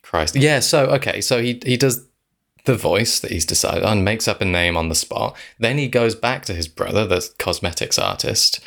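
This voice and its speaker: A man co-hosting a casual film-review podcast, talking in animated, exasperated rants and swearing freely. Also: fairly low pitch, normal speed, vocal fry. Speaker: podcast co-host.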